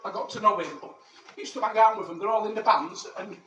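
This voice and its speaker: Mancunian roman soldier played by a bloke, rambling crude boasts, echoey and far off with noise behind. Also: male voice, high voice, fast, pushed and bright, dull audio. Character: cheeky ancient Roman soldier living in Manchester. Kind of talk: character stand-up monologue. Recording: echoey, distant mic, background noise.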